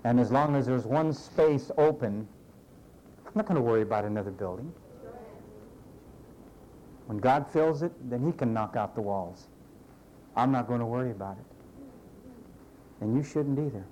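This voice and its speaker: A man preaching a sermon in a conversational, animated way, acting out the voices of the people he quotes. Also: mid-range voice, moderate pace, long pauses, slight background noise, low-quality recording. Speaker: pastor.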